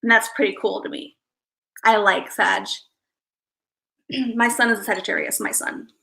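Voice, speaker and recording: Bright, chatty woman hosting a livestream. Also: medium pitch, steady tone, normal speed, gravelly, low-quality recording. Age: adult parent. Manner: chatty and rambling, greets viewers by name. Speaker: livestream host. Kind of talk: casual livestream chat.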